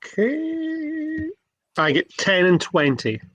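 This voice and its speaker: A man playing a tabletop game who jokes and thinks out loud. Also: mid-range voice, moderate pace, dry recording. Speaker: player. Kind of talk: casual tabletop game talk. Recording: dull lo-fi sound.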